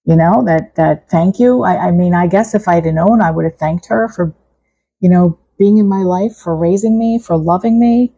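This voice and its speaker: A middle-aged woman speaks straight to her viewers in a personal vlog. Her voice sits low and has a husky, gravelly texture. She talks in a reflective, halting way, often restarting her sentences. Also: mellow, poor audio. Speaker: vlogger. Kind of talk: personal vlog talk to camera.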